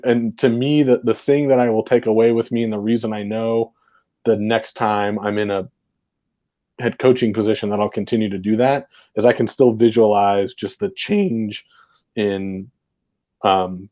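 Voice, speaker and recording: A man's low, mellow voice keeps a steady tone and normal speed while he co-hosts a podcast. Casually and reflectively, he rambles through memories of coaching football, using plenty of fillers like "like" and "right."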